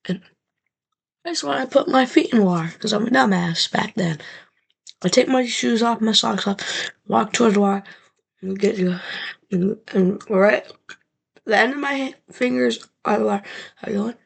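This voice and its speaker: A woman's voice: medium pitch, normal speed, vocal fry, pauses often, husky. A young woman vlogger telling a rambling, profane story straight to her camera, full of fillers.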